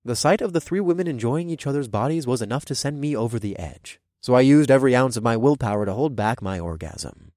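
A man narrating an audio story in the first person, with an expressive delivery. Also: medium pitch, quick pace, hardly any pauses, no room sound, clean studio sound.

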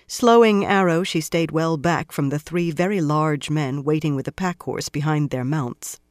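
A narrator reading a fantasy novel aloud in a measured, even storytelling delivery. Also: mid-range voice, dry recording, clean studio sound. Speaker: audiobook narrator. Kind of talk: scripted fantasy audiobook narration.

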